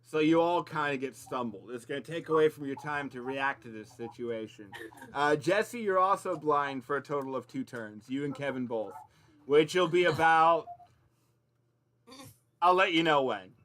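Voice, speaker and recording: A man's voice: a little high, animated, normal speed, a bit bright. A man running a tabletop game as game master, narrating in a loose, casual way with lots of fillers.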